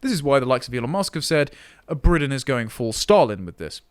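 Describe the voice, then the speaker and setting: A man's voice: mid-range voice, sing-song, fast talker, no room sound. Guy doing sardonic political commentary, reads quotes out, dry close mic. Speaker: podcast commentator.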